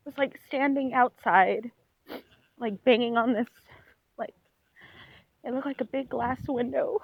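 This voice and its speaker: A woman vlogger recounting a dream as she walks outside, telling it in a rambling, animated way with lots of "like". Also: high voice, slightly rough, no echo. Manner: rambling, animated storytelling full of "like". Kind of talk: walk-and-talk dream retelling. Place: outdoors on a street while walking. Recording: dull lo-fi recording.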